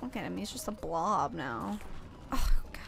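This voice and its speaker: A woman's voice: on the low side, normal speed, gravelly, faint music behind. A woman casually bantering and swearing while streaming a video game. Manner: swearing, laughing, excitable yelps.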